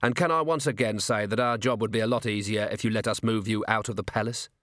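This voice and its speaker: Vimes, a brisk, probing watch commander voiced by a man. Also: lowish voice, fairly even intonation, a bit bright, dry recording, studio quality, close to an everyday voice. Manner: brisk, probing, rhetorical questioning. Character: sharp, driven veteran male watch commander. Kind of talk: audiobook character voice.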